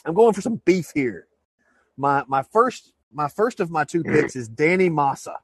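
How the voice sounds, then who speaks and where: A man's voice: on the high side, expressive, moderate pace, husky, no room sound. A man co-hosting a podcast, chatting casually and jokingly, often restarting and repeating words. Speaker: podcast co-host. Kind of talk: casual chat.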